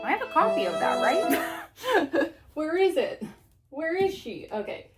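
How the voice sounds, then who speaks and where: A woman's voice: high voice, sing-song, measured pace, over loud music. Woman, 30s, casual vlog chat, breathless, giggly, filler-heavy, at home. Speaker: book vlogger. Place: home room with bookshelves.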